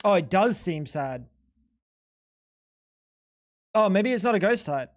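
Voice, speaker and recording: Excitable, foul-mouthed streamer talking to chat. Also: medium pitch, slow pace. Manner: excitable, profane, self-mocking banter. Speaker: live streamer. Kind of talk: live-stream gaming commentary to chat.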